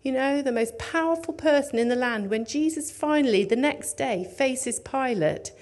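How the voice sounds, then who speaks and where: A woman with a fairly high voice delivers a sermon. She talks earnestly and conversationally, sinking into quiet, hushed passages and lifting her voice when she presses a point home. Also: moderate pace. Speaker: preacher.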